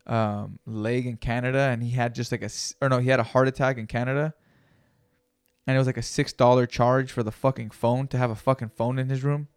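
A man's voice: mid-range voice, creaky, dry recording, studio quality. A man hosting a solo podcast, talking in a casual, rambling, profane and motivational way. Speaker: podcast host.

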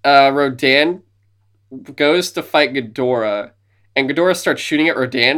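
A man chatting on his podcast about a monster movie he loves. He talks in a loose, rambling way, building up his excitement and slipping into goofy impressions as he goes. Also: mid-range voice, normal speed. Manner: enthusiastic retelling of movie scenes, slipping into silly voices. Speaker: podcast co-host. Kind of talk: casual podcast chat.

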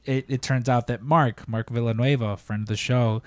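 A man's voice: medium pitch, steady tone, normal speed, dry recording, studio quality. A man co-hosting a podcast, telling rambling workplace stories in casual chat and swearing freely. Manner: rambling anecdotes, acts out quotes, swears freely. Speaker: podcast co-host.

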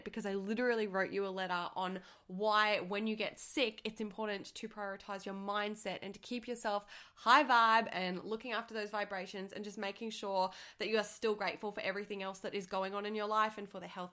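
A woman's voice: mid-range voice, bright, forceful tone. A young Australian woman hosting a solo podcast, chatty and upbeat, sounding nasal and congested from the flu. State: congested, stuffy-nosed from flu. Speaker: podcast host.

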